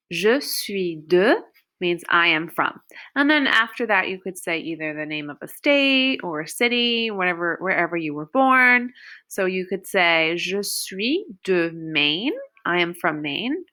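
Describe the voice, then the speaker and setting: Woman, French teacher, patient beginner lesson, bright tone. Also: mid-range voice, lively intonation. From United States. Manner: slow, clear modeling of example phrases.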